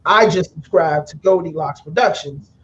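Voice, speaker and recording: A man's voice: fairly high pitch, moderate pace, a bit bright. Man, podcast host, easygoing, agreeable, lo-fi dull sound, faint background hiss. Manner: laid-back and agreeable, with many affirming yeahs. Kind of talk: casual podcast chat. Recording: dull lo-fi line with faint noise.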